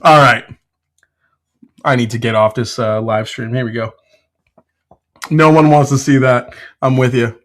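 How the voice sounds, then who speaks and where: A man's voice: mid-range voice, fairly even intonation, measured pace, long pauses, fairly bright tone. A man hosting a casual live stream from his home whiskey room, laughing often, swearing freely and answering chat. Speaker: whiskey show host.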